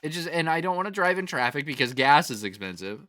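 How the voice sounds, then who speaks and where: Bright-voiced, rambling, profane male streamer. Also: on the high side, sing-song, fast, no echo. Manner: rambling, profane, laughs often, trails off; reads out chat comments. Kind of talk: casual chat while gaming.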